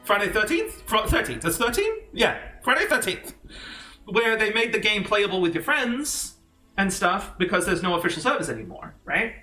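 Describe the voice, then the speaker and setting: A young man streaming, ranting fast and casually, rambling, swearing and laughing often. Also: sits high, animated, sharp tone. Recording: echoey room, faint music.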